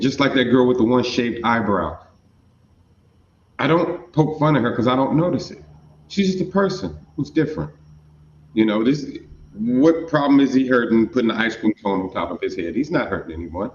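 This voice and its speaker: A man's voice: medium pitch, animated, moderate pace, darkish tone. Guy musing about life, rambly and philosophical, muffled roomy sound w faint hiss. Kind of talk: casual reflective chat.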